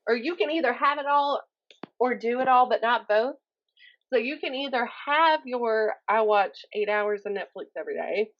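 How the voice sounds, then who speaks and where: A young woman with a Southern accent from Mississippi, chatting as a podcast guest, animated and often laughing. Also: on the high side, lo-fi sound. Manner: animated, laughing, mimics others in quotes. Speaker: guest poet and YouTuber. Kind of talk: casual interview chat.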